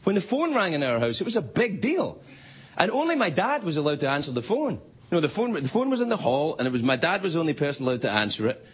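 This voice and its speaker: A man's voice: a little high, big pitch swings, fast, slightly rough. A middle-aged man from Scotland, hosting a late-night show and telling rambling, self-mocking stories in a comedy monologue. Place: TV studio before a live audience. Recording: dull TV recording with loud audience.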